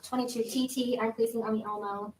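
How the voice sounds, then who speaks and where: A woman with a somewhat high voice examines a witness in a courtroom, working through the exhibits one at a time. She speaks in a formal, methodical way, with a faint noise in the background. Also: fairly even intonation, fairly quick, a little mellow, low-quality recording. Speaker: prosecutor questioning a witness.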